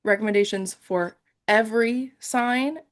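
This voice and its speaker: A woman's voice: fairly high pitch, unhurried. Young woman, congested, casual podcast co-host, rambling chatter. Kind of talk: casual chat.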